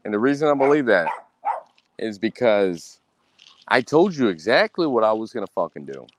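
In a very animated voice at a moderate pace and without echo, a podcast host delivers a profane solo rant. He's angry and boastful, swears heavily, says things over again, and imitates people in a high voice.

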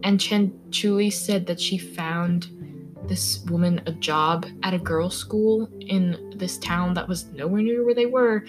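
A woman's voice: on the low side, a little slow, music in the background. Young woman rambling through a crime story. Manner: rambling, filler-heavy, stumbles over names. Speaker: podcast host. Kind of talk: casual true-crime chat.

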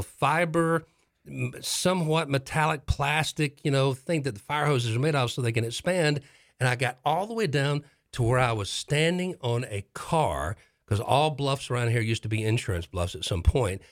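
Animated middle-aged man spinning a tale. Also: medium pitch. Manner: animated, dramatic retelling with repeated phrases. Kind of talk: casual storytelling on a talk show.

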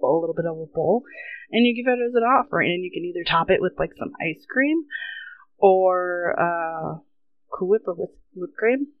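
A woman's voice: lowish voice, animated, normal speed, dry recording, narrow, tinny audio. A woman co-hosting a casual podcast, giggly, explaining things loosely with many fillers. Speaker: podcast co-host. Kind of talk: casual chat.

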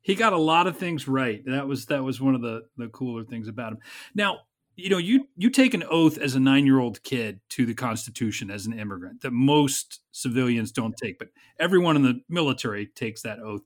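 A man's voice: mid-range voice, expressive, fairly quick. A man hosting an interview and asking probing questions in a conversational way. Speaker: host. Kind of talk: casual interview.

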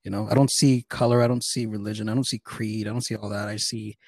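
A man's voice: lowish voice, level tone, quick pace, no room sound, clean studio sound. A man hosting a casual chat, giving blunt and emphatic opinions.

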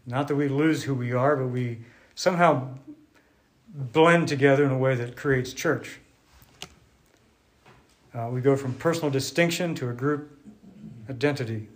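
Male preacher, mid-pitched, relaxed sermon delivery with restarts, explaining from a board. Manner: unhurried, thinking aloud with restarts, drawing on a board.

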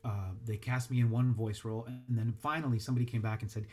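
Halting, reflective male voice actor. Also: mid-range voice, fairly even intonation, darkish tone. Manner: halting, reflective, many restarts. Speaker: voice actor and dialect coach. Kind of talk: interview answers.

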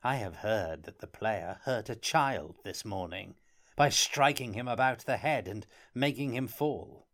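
Man reading a gruff, suspicious court minister. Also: lowish voice, lively intonation, a little slow, a bit bright. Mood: scornful. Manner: gruff, ungracious, stern. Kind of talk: audiobook character reading.

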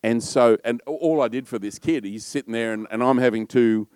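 A middle-aged man with an Australian accent, a pastor preaching a sermon in a loud, warm storytelling manner. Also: mid-range voice, a little fast, clear, resonant tone, dry recording.

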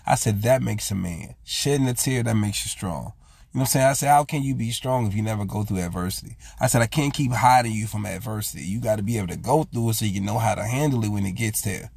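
A man with a low, gravelly voice talks in a casual, heartfelt monologue. He speaks earnestly to his viewers and keeps retelling his own words with "I said". He sounds middle-aged and sincere. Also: a little mellow, dry recording. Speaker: vlog host.

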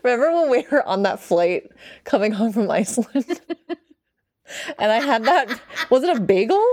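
A woman's voice: a little high, expressive, moderate pace, darkish tone. A woman co-hosting a podcast, chatting casually about movies, laughing often and swearing freely. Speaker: podcast co-host.

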